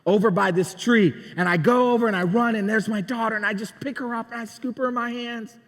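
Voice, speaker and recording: A man's voice: high-pitched, fairly even intonation, fairly quick, fairly bright tone, big-room sound. A man preaching a sermon as a pastor, telling a story in a chatty, conversational way and asking the congregation questions. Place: church sanctuary.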